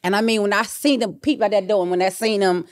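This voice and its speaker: Animated woman telling a story. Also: quick pace. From Miami. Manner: animated, acts out quotes with sudden high exclamations. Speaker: guest rapper. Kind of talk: casual storytelling.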